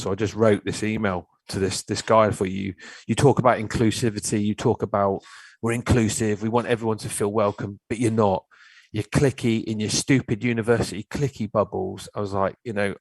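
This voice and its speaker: A man's voice: lowish voice, no room sound, low-quality recording. A man, telling a story in a blunt, ranting way as a filmmaker guest on a casual chat show. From Cornwall, England.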